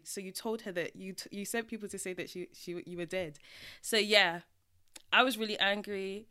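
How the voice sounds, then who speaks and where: A woman's voice: medium pitch, moderate pace. Laughing woman podcast co-host. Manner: laughing, expressive retelling. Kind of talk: casual chat.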